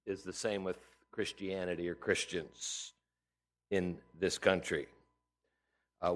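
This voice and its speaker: Earnest, emphatic male preacher in his 60s. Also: on the low side. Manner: earnest, emphatic, piling up statistics and quotes. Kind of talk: sermon.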